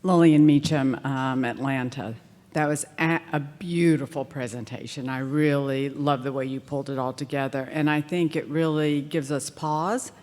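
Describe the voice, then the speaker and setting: A woman in a conference audience giving thoughtful, appreciative comments with pauses. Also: very deep voice, steady tone, a little mellow. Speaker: conference attendee asking a question. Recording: reverberant conference hall.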